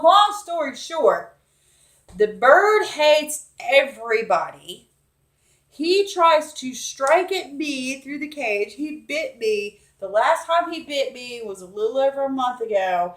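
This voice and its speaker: A woman tells a loose, rambling home story, piling up fillers and restarts. Her voice sits at an ordinary pitch and rings a little in an echoey room at home. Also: animated, a little slow. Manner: rambling, chatty, lots of fillers. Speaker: vlogger. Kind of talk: casual storytelling to camera.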